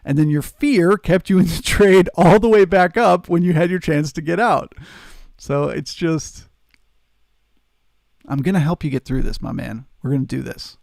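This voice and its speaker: A man's voice: fairly high pitch, moderate pace, gravelly, a little mellow, no echo, studio quality. A man hosting a live trading stream, answering chat and coaching viewers in an earnest, emphatic way. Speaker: trading livestream host.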